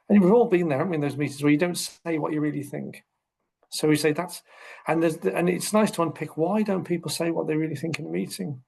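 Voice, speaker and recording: A middle-aged British man, a podcast guest, explaining ideas in lively conversation and acting out quoted speech. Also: a little high, fast talker, gravelly, rough recording. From United Kingdom. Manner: animated storyteller, acts out quoted speech. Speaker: guest, social care researcher.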